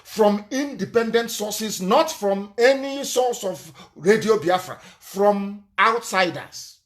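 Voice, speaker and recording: A man's voice: high voice, takes it slowly, a bit bright. Fiery man lecturing on air. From Nigeria. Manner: fiery, scornful, spells words out letter by letter. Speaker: political movement leader. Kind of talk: live broadcast lecture.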